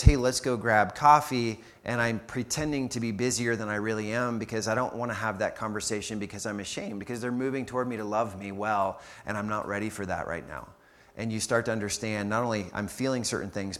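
A man's voice: on the low side, a bit bright. A man preaching a sermon in a church in a casual, conversational way, often acting out what people might say. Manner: casual, explains with acted-out quotes and fillers. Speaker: pastor.

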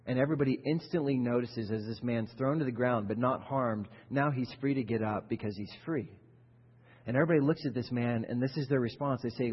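Husky-voiced male pastor preaching. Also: medium pitch, fairly quick, in a large hall, highs cut off. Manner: conversational preaching, rising to emphatic peaks. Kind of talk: sermon.

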